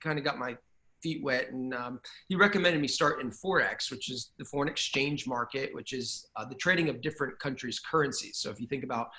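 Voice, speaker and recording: A man being interviewed about his trading bot, telling a lively story in a casual chat and acting out his own reactions along the way. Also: medium pitch, brisk. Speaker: guest, trading bot founder.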